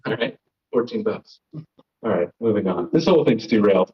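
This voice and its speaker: A man's voice: on the low side, expressive, fairly quick. A young man from Florida doing a live stand-up set, rambling, self-deprecating and riffing with the crowd. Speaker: stand-up comedian and host. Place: comedy stage. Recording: lo-fi live stream audio.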